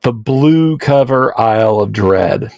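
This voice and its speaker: A man's voice: medium pitch, lively intonation, slow, creaky, darkish tone, no echo. A man hosting a livestream, chatting casually and jokingly with his viewers and rambling between points. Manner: chatty, rambling, jokey, answers chat. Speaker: livestream host.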